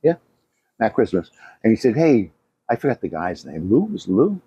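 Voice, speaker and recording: Husky-voiced man spinning lively anecdotes. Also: on the low side, normal speed, highs cut off. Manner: animated anecdotes, swears freely, laughs often. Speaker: former comedy club owner, co-host. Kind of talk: casual storytelling chat.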